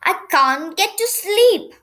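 A sleepy, cross male brownie who talks in a weary, drawn-out way, as a woman reads him in a bedtime story. His voice sits high and light. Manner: tired, cross, yawning. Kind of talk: children's storybook reading.

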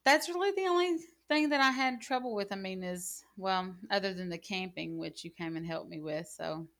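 A woman's voice: medium pitch, normal speed, fairly bright tone. A woman in casual gaming chat, telling rambling stories full of "like" and "you know.". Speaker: gaming channel co-host.

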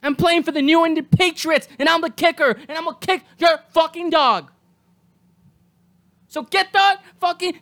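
A podcast host in a solo episode, ranting angrily and swearing constantly, sometimes breaking into shouts. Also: extremely high pitch, normal speed. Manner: angry, profane ranting with shouted bursts.

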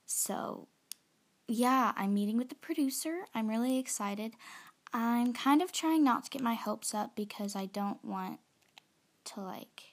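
Slow-talking chatty young woman. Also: on the high side. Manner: chatty and rambling, with frequent fillers and laughs; nervous and excited. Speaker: aspiring singer-songwriter. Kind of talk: casual vlog chat.

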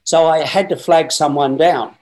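A man's voice: fairly high pitch, normal speed, poor audio. Rambling Australian man telling a story. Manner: lively, rambling, with many fillers and restarts. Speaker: guest. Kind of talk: storytelling anecdote.

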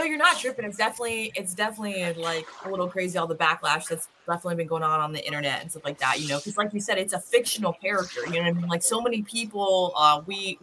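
A woman's voice: mid-range voice, pushed and bright, slight background noise, low-quality recording. A woman co-hosting a casual podcast, speaking loosely and often asking "you know what I'm saying". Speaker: co-host.

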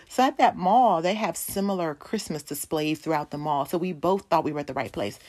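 A woman in her forties giving a sermon testimony, telling a personal story and speaking to the congregation as "y'all". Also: low-pitched. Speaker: pastor's wife preaching.

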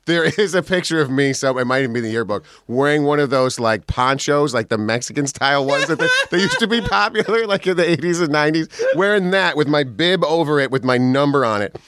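A man's voice: on the high side, quick pace, few pauses, a bit bright, no room sound. A man appearing as a comedian guest on a podcast, chatting casually, joking and laughing a lot. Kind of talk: casual chat.

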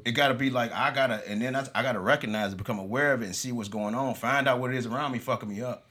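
A man, talking in casual chat with animated street slang and profanity. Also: mid-range voice, rapid-fire.

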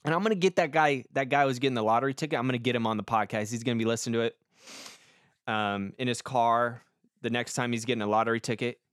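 Young male podcast host, rambling and profane, smooth clear voice, dry close sound. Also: medium pitch, steady tone, fast, fairly bright tone, dry recording. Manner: rambling, swears a lot, self-deprecating. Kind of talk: casual comic monologue.

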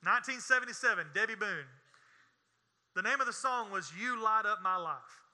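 High, bright preacher man. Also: animated, moderate pace. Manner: folksy and joking, swinging between quiet asides and loud emphatic preaching. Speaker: pastor. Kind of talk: sermon.

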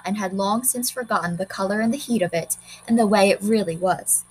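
A woman reading a short story aloud in a measured, expressive way. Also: mid-range voice, breathy edge, poor audio. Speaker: narrator.

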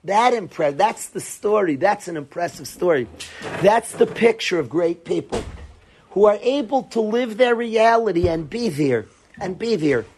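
A man's voice: high voice, lively intonation, unhurried, darkish tone, a little hiss or hum. A man, a rabbi, giving an earnest Torah lecture to yeshiva students, often repeating phrases for emphasis.

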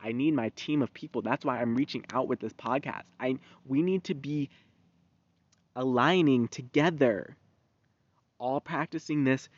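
A young man in his twenties hosting a podcast, talking in a rambling, profane, animated monologue. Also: medium pitch, unhurried, dry recording. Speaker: podcast host. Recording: dull, dry lo-fi recording.

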